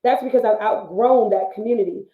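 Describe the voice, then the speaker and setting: A woman's voice: medium pitch, a little fast. Woman, motivational co-host, earnest and repetitive, thin phone-like sound in a roomy space. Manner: earnest, preachy, fond of repetition and "like". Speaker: co-host of a live business talk show. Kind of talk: casual motivational talk. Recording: phone-like livestream audio in an echoey room.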